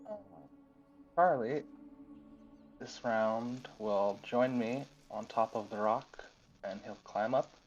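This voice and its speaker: A man's voice: mid-range voice, slow pace, pauses often, darkish tone, highs cut off, soft background music. A man playing in a tabletop game who talks hesitantly and stumbles over fillers. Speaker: player. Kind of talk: casual tabletop game play.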